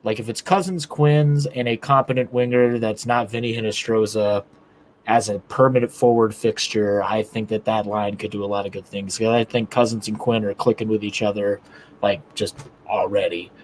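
A man's voice: fairly low pitch, steady tone, moderate pace, a little mellow, a little hiss or hum. A man co-hosting a casual hockey podcast, talking bluntly and with profanity about how the team should play. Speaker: podcast co-host. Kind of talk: casual sports talk.

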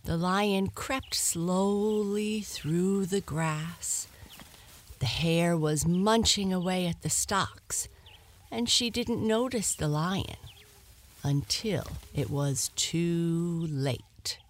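A woman narrating a bedtime story softly, slipping into a whisper. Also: fairly low pitch. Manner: soft, slow and lulling, dropping to a whisper.

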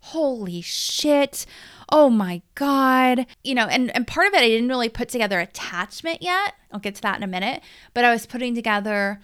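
A woman's voice: on the high side, big pitch swings, fast talker, hardly any pauses, a bit bright, clear, resonant tone. A woman in her thirties hosting a coaching podcast, telling a personal story in a candid, emotional, confessional way.

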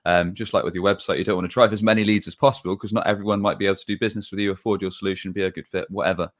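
A man's voice: low-pitched, level tone, very fast, dry recording, studio quality. A man hosting a business podcast who affirms his guest and asks long, framed questions. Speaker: podcast host. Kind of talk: podcast interview.

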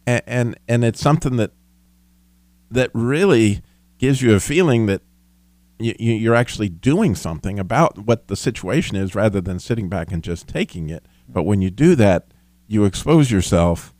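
Male host, deep-ish voice, earnest, halting delivery. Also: lively intonation, darkish tone, no echo. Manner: earnest, self-deprecating, stumbling restarts. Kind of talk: casual Christian discussion.

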